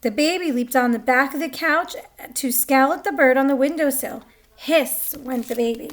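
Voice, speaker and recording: A woman's voice: sits high, moderate pace. A woman reading a picture book aloud, chatty, stopping to comment on the pictures. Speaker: story reader.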